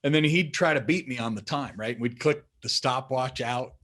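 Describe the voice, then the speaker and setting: A man's voice: mid-range voice, normal speed. A man in a documentary interview, telling a family story and acting out his children's voices. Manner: animated, acts out his kids' voices.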